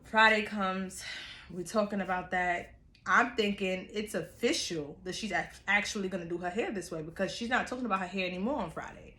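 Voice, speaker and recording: A young woman vlogger from New York, telling a storytime in a chatty, animated way with casual slang. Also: mid-range voice, fairly quick, roomy sound.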